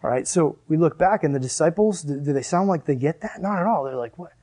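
A man preaching a sermon in a casual, animated way, full of "like" and asides. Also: a little high, quick pace. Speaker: pastor.

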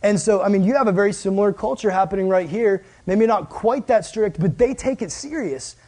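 A young male preacher with a notably high voice, telling stories in a relaxed, joking sermon. He is animated throughout and acts out the people he describes. His delivery stays conversational rather than formal. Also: a little fast. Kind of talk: casual storytelling sermon.

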